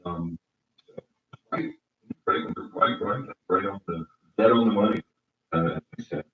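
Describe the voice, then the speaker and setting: A man rambling on a solo livestream from his home cabin, talking into a laptop, halting and restarting often. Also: low voice, phone-quality sound, a little hiss or hum. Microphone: laptop microphone.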